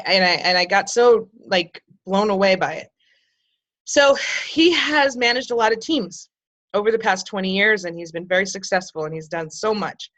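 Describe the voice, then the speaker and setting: A woman's voice: medium pitch, fairly bright tone. A middle-aged woman leading her sales team on a video call, talking candidly and rambling, with lots of restarts and ums. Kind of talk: casual motivational video call.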